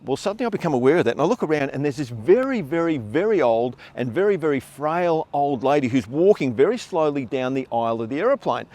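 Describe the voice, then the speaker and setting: A middle-aged man telling a funny personal anecdote in a casual, animated way. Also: on the high side. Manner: animated, acts out voices in his tale. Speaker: storyteller.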